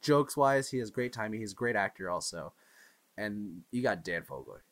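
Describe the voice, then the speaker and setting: A man from Houston co-hosting a podcast, chatting casually and telling animated stories with frequent laughs. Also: lowish voice, moderate pace. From Houston, Texas. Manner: animated storyteller, laughs often. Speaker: podcast co-host. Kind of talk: casual chat.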